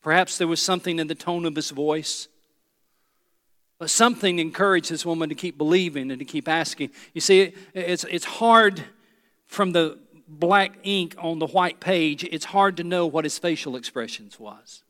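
A man's voice: a little high, normal speed, bright, forceful tone, in a large hall. A male pastor preaching a sermon in a church, earnest and emphatic, turning to the congregation with asides.

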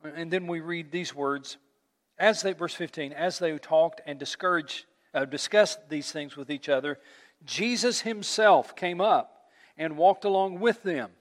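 A man's voice: fairly high pitch, a little slow. A man preaching a sermon in a conversational way, acting out quotes and repeating words. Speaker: pastor. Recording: long hall reverb.

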